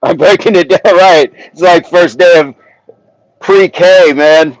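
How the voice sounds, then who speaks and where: A man hosting a casual livestream outdoors, chatting with his viewers, reading their comments aloud and slowly sounding out words. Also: high-pitched, dry recording, low-quality recording. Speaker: livestream host. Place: outdoors, windy, a tree behind him.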